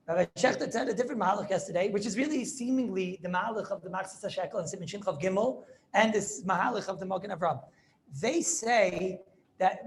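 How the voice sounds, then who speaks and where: Animated male rabbi giving a halacha class. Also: high-pitched, a little hiss or hum. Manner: animated, rhetorical questions, yeshiva English full of Hebrew terms. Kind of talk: Talmudic halacha lecture.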